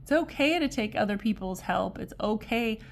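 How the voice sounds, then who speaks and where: A woman's voice: mid-range voice, expressive, moderate pace, gravelly. A woman giving a casual tarot reading to camera, chatty and digressive, exasperated yet amused. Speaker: tarot reader.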